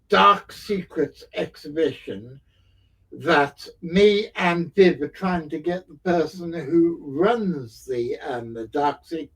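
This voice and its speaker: Slow husky man hosting. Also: a little high, poor audio. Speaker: podcast host. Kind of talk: casual chat.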